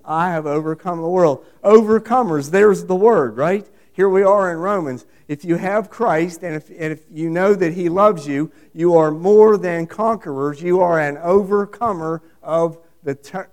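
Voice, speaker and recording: A middle-aged pastor preaches a sermon, emphatic and repetitive, putting questions to the congregation. His voice runs on the high side and is a little mellow.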